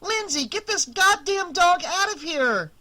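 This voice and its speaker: A narrator voicing a brash, teasing teenage girl who talks loud and crude. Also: medium pitch, animated, unhurried, pitched above the performer's own voice. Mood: shrieking. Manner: loud, brassy and mocking.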